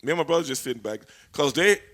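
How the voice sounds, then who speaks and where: A man, a former wrestler, telling stories as an interview guest in an animated, profane way, laughing as he goes. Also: fairly high pitch, fast talker. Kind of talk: storytelling in a shoot interview.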